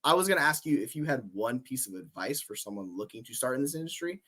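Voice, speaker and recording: A man hosting a podcast, chatting casually with his guest and agreeing often with quick short replies. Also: mid-range voice, big pitch swings, a bit bright. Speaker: podcast host.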